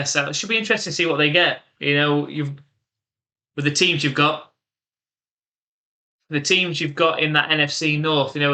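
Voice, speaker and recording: A man's voice: fairly high pitch, bright, forceful tone. A man with an English accent from the UK, giving live play-by-play commentary and chatting casually with stream viewers.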